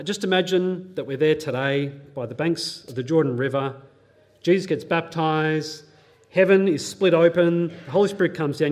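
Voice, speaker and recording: A young man delivers a sermon in an earnest, teaching tone, his voice sitting a little on the high side. He reads scripture passages aloud and explains them plainly, now and then slipping in a nerdy pop-culture aside. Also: a little mellow. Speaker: pastor.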